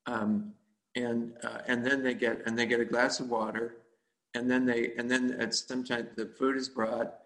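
A man telling a casual story about volunteer cooking, halting and full of fillers and self-corrections. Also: mid-range voice, flat delivery, a bit bright, poor audio. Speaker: volunteer cook.

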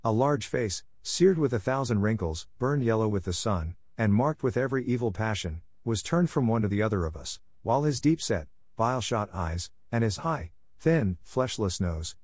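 A man reading a classic detective story aloud as narrator, in a measured storytelling manner. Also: on the low side, animated, a little mellow, no room sound, studio quality. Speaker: audiobook narrator. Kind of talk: scripted narration.

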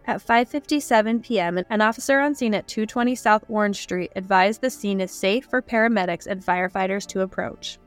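A woman co-hosting a true crime podcast, reading case details in a sombre, even way. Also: medium pitch, brisk, few pauses, soft background music. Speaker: podcast co-host.

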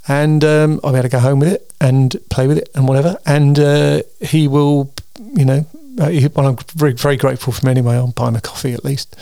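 Gravelly, tired man rambling. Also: mid-range voice, fairly even intonation, quick pace, few pauses, dark tone, dry recording, studio quality. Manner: chatty, meandering, with frequent ums and restarts. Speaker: host of a weekly solo show. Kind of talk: casual rambling monologue.

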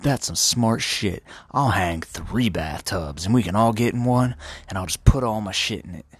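A man voicing an old miller who excitedly agrees to a foolish plan. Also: lowish voice, moderate pace, slightly rough, no room sound. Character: eager gullible old male miller.

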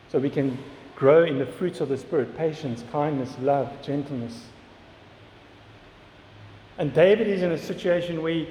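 A man's voice: fairly high pitch, a little mellow. A man preaching a sermon in an earnest way, often repeating words and asking questions. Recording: echoey hall with long reverb, faint ambience.

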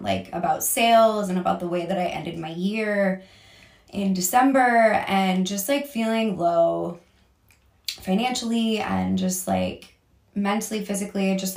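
A woman's voice: mid-range voice, gravelly. A young adult woman telling a story in a casual vlog, rambling with many fillers, restarts and frequent swearing. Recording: echoey room, a bit far from the mic.

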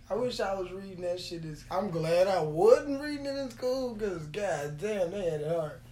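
A warm, medium-pitched voice with lively intonation and an unhurried pace belongs to a vlogger from Texas spinning rambling, profane, jokey stories and laughing often between lines. The monologue is recorded in an echoey room with a faint hum.

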